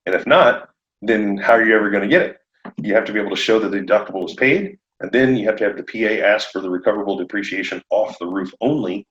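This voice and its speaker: A man talking shop as a podcast guest, animated and laughing often as he acts out conversations. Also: fairly low pitch, fast. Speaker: podcast guest, roofing contractor. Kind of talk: casual podcast chat. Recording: echoey room, dull lo-fi sound.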